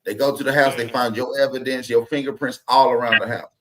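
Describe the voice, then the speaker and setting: A man talks through a point in a loose street-slang manner, checking in with his listeners every few sentences. His voice sits at an ordinary middle pitch and carries the easy flow of a casual online panel. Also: fairly even intonation, fast, a bit bright.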